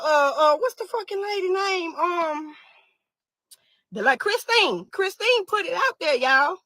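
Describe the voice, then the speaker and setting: Distraught young woman, high bright voice. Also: dry recording, poor audio. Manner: raw, angry and exhausted, swearing, repeating herself. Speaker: grieving mother speaking out. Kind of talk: emotional monologue to camera.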